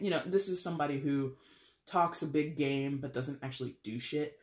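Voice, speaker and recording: A man's medium-pitched voice moves at a moderate pace as he gives a casual tarot reading. He's chatty, blunt and wry, using plenty of fillers, and the room has a noticeable echo.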